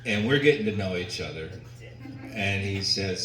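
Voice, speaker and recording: A man doing a stand-up set, telling stories slowly and deliberately, pausing for the crowd's laughter. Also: low voice, animated, sharp tone. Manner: slow, deliberate storytelling with pauses for audience laughter. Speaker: stand-up comedian. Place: comedy venue with a live audience. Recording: echoey room recorded from a distance, noisy. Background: audience laughter and room ambience.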